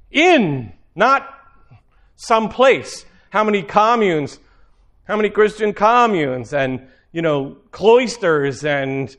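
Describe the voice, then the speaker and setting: A man preaching a sermon in a loose, conversational way, with quick asides and repeated phrases. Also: high-pitched, fairly bright tone.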